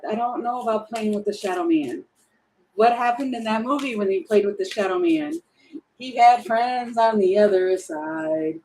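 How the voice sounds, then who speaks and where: A woman's voice: fairly high pitch, a little hiss or hum, rough recording. A woman giving a casual tarot reading, chatty and giggly, often acting out little quoted lines. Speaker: tarot reader.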